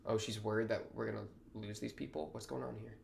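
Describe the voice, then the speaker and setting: A young man hosting a reaction video, talking casually and excitably with a lot of slang as he reacts to what he watches. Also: fairly low pitch, quick pace, vocal fry, a little hiss or hum. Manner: excitable, slangy, thinks aloud.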